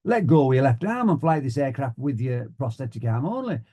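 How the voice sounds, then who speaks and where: A man voicing a calm, blunt male flying instructor with a broad Yorkshire accent and clipped orders. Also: mid-range voice, a little fast. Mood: instructive. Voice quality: clipped, matter-of-fact orders.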